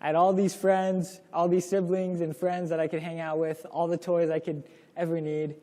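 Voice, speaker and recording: A man's voice: on the high side, little pitch movement, moderate pace, dark tone, long reverb tail. A young man presenting a parenting lesson to a class in a casual, storytelling way, acting out the lines he quotes. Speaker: course presenter.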